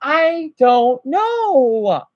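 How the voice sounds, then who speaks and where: A man's voice: very high-pitched, very animated, extremely slow, muffled recording. A stressed man vlogging, ranting to his viewers in an agitated, rambling way, swearing and then apologizing. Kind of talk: unscripted emotional rant to viewers.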